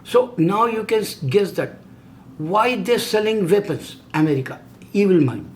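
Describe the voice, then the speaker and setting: Middle-aged male host, slightly raised pitch, fervent monologue in broken English, emphatic questioning. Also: lively intonation, measured pace, a little hiss or hum. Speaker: video host. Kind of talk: impassioned religious monologue.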